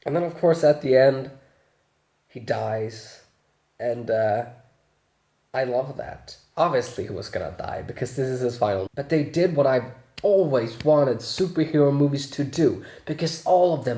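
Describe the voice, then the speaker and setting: A man's voice: a little high, normal speed, mellow, echoey room. A man chatting through a casual movie review, laughing often and swearing freely.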